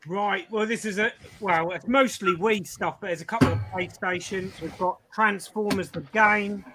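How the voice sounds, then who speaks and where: A man's voice: high-pitched, fairly even intonation, moderate pace, over music. A man listing games for sale on a casual live stream, matter-of-fact. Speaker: guest seller on live stream. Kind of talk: casual chat.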